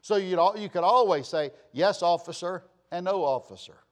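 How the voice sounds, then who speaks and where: A man's voice: high voice, moderate pace. A male pastor giving a stern, emphatic sermon, repeating his warnings to the congregation again and again. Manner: stern, repetitive, emphatic admonishing.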